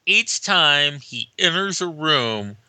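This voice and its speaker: A man's voice: fairly high pitch, animated, slow pace, sharp tone, no echo. A man guest on a casual movie-review podcast, laid-back with wry jokes.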